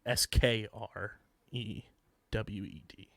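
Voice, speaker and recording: A man co-hosting a casual sports and music podcast, reeling off facts in a steady list. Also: on the low side, slow pace, creaky, dry recording, clean studio sound. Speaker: podcast co-host.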